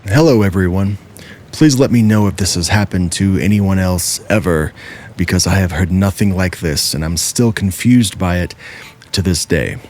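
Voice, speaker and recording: A man narrating true scary stories in a steady, measured first-person reading. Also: deep voice. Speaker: horror story narrator.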